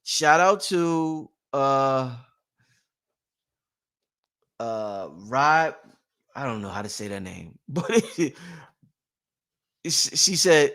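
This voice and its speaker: A man hosting a casual motivational livestream, rambling and repetitive, with slang and shout-outs to his viewers. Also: mid-range voice, big pitch swings, drawn-out words, pauses often. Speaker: livestream host.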